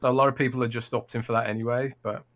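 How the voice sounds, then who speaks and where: A man's voice: medium pitch, flat delivery, racing, fairly bright tone. A man co-hosting a casual gaming podcast, thinking aloud with hedges and trailing off with "blah, blah". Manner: thoughtful, hedging, trails off with "blah, blah". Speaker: podcast co-host.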